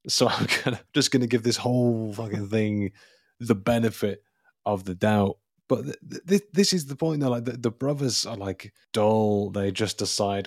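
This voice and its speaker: A man's voice: fairly low pitch, no echo, clean studio sound. A man hosting a casual film podcast, sarcastic and swearing freely as he picks a movie apart. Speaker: podcast host.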